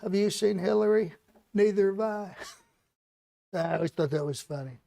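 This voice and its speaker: A man's voice: high voice, moderate pace, vocal fry, dark tone. A man doing a comic impression of a boastful, rambling older male president, repeating himself as he brags. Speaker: comedian doing a live mock press conference.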